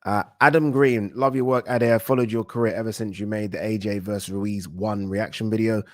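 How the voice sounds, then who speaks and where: Excitable British man hosting a livestream. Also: lowish voice, a little fast, no echo, studio quality. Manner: excitable, chatty, swears casually. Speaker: boxing livestream host. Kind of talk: casual livestream chat.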